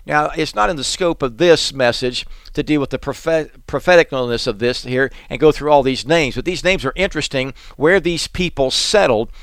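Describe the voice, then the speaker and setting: A man's voice: fairly high pitch, moderate pace, few pauses, no echo. A man preaching a sermon, explaining scripture earnestly and stressing key points through repetition.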